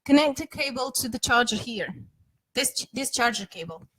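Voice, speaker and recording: A woman's voice: a little high, lively intonation, normal speed, bright, forceful tone, slightly rough, no echo, poor audio. A woman co-hosting a casual chat at home, playful, complaining and laughing easily. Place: home flat.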